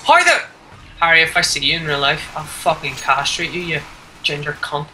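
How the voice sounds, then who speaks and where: A woman's voice: low-pitched, normal speed, sharp tone, slight background noise, rough recording. A woman ranting and swearing at a rival player while commenting on her own gameplay. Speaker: gamer.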